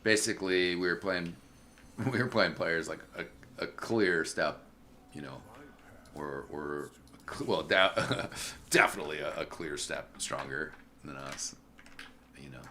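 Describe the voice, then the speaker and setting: A deep-voiced man casts a video game match from his home streaming setup, speaking in a loose, chatty way full of fillers and shout-outs to chat. His tone is bright and forward despite the low pitch, and soft keyboard clicks sit faintly behind him. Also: measured pace, slight background noise. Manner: relaxed, chatty, filler-heavy, greets chat viewers. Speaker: esports caster and streamer. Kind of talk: casual solo game commentary.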